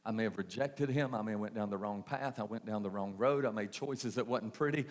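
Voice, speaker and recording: A man's voice: lowish voice, a little fast. A man preaching a sermon, repeating phrases and asking the congregation questions. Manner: preaching with repetition and rhetorical questions. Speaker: pastor.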